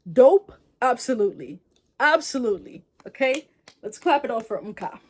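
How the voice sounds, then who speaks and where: A woman's voice: sits high, sing-song, normal speed, mellow, slight background noise. Chatty, slangy woman retelling a folktale. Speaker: storyteller vlogger.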